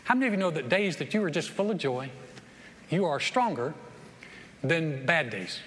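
Bright-voiced preacher in an echoing church. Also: male voice, on the high side, normal speed. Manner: animated storytelling with repeated restarts. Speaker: pastor. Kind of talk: sermon. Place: church sanctuary. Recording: long church hall reverb, faint noise.

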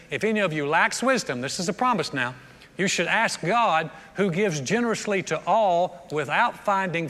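A man preaching a sermon as a pastor, animated, repeating words and acting out prayers. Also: sits high, in a large hall.

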